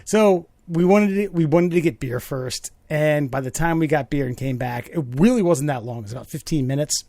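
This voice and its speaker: A man's voice: a little high, fairly quick, mellow, no echo. Rambling, swearing man in his thirties. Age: 30s. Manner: rambling storyteller, swears freely, many restarts. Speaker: podcast co-host. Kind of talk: casual chat.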